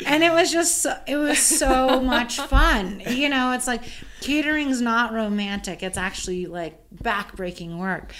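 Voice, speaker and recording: A woman caterer chatting casually and telling an animated story, full of "like" fillers. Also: on the high side, a little slow, a crowd in the background. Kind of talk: casual chat.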